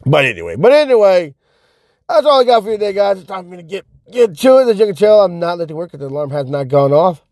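A man's voice: high voice, rapid-fire, hardly any pauses, darkish tone, no echo, clean studio sound. A young man rants casually to the camera in profane, rambling speech, repeating himself, sitting in a car. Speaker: vlogger.

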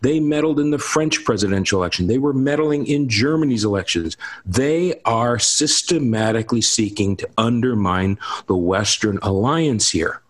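A man's voice: mid-range voice, animated, moderate pace, hardly any pauses. A man giving emphatic commentary on politics in a lecturing, insistent manner. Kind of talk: political discussion.

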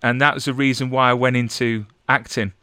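A man's voice: mid-range voice, little pitch movement, a little fast, pushed and bright, no room sound, studio quality. A young man hosting an interview in casual chat, stammering and repeating syllables as he talks. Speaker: interviewer host.

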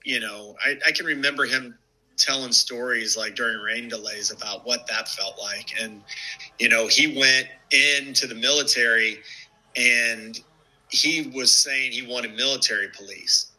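A man in his fifties tells old stories in a loose, casual way, full of fillers. His voice is very bright and forward. When he quotes someone, his pitch jumps sharply. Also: unhurried, low-quality recording. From United States. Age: 50s. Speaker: former baseball player, guest. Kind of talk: casual storytelling.

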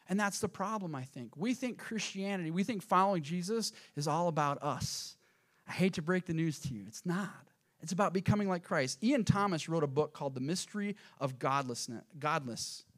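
A man preaching a sermon as pastor, addressing the congregation directly and swinging from hushed asides to loud, emphatic peaks. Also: high voice, moderate pace. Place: church auditorium.

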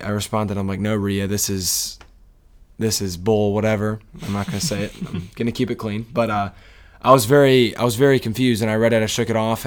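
A man co-hosting a casual sports talk show, speaking in an emotional, rambling way with many restarts. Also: fairly low pitch. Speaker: sports podcast co-host.

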